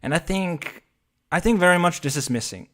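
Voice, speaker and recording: A man joining a casual round-table talk, speaking haltingly and feeling his way through his ideas. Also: sits high, expressive, fairly bright tone. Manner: halting, many fillers and restarts.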